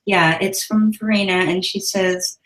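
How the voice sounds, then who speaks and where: A woman moderating a video call webinar, passing on an audience question in a hesitant, halting way. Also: mid-range voice, steady tone, a bit bright, roomy sound, low-quality recording.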